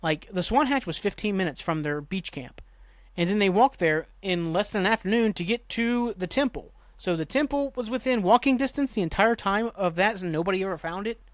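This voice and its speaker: A man with a somewhat high voice talks through a TV episode on his podcast in a loose, rambling way. He swears freely and grumbles about plot holes. The sound is dry and close. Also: animated, fairly quick, hardly any pauses, no room sound. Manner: rambling, profane, exasperated griping. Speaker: podcast host. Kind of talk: casual TV episode recap.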